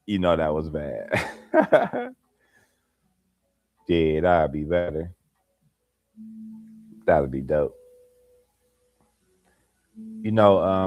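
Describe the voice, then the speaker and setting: Hosting a late-night livestream at home while holding a light, a man with an extremely low, slightly mellow voice chats casually and laughs a lot. He greets viewers by name, and the audio has no room sound.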